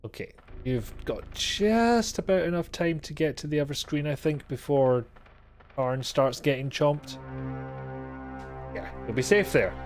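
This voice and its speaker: A man's voice: fairly high pitch, animated, measured pace, soft background music. A man streaming a video game live, commenting in a sweary, exasperated and sarcastic way.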